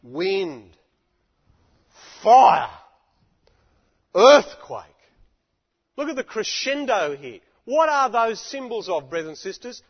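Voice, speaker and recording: A man's voice: extremely high pitch, big pitch swings, moderate pace, hardly any pauses. A man delivering an impassioned sermon from a stage microphone, with repeated rhetorical appeals to his listeners. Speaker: preacher. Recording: dull lo-fi recording with long hall reverb.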